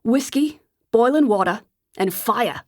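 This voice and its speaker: A man's voice: extremely high pitch, expressive, a little slow, dry recording, clean studio sound. A woman narrator voicing a young male bartender with a New Jersey accent and a swaggering, confident manner.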